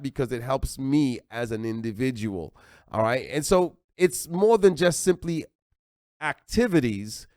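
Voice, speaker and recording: American pastor, male, animated sermon delivery, smooth and clear, dry close sound. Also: medium pitch, no echo. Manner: animated, acts out little dialogues.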